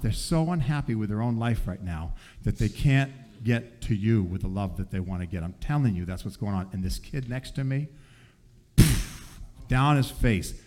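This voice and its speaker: Male teacher sharing a faith story; animated, acts out quotes, sinks quiet for the heavy parts. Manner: animated storytelling with acted quotes, often drops soft and low.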